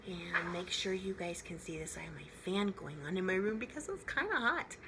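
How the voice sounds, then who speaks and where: A woman teaching an art lesson to preschoolers, patient and soft-spoken, often half-whispering. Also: fairly low pitch, expressive, moderate pace, background noise. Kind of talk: slow, gentle instruction for preschoolers. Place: her room at home, fan running.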